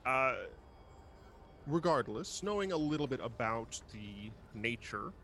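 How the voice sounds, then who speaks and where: Guy at a game table, lots of uhs and restarts, lively pitch, faint room hiss. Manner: hesitant, halting, filler-heavy. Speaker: player. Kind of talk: casual tabletop game chat.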